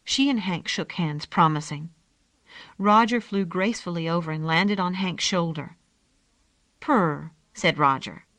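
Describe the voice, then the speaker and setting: A woman narrating a children's storybook in a calm, gentle way. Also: fairly low pitch, moderate pace, no echo. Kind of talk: storybook reading.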